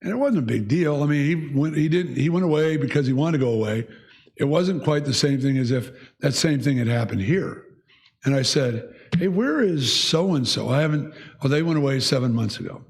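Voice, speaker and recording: A man's voice: mid-range voice, expressive, moderate pace, darkish tone. A man teaching a church Bible class, talking conversationally and asking the group questions. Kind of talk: leading a church class discussion.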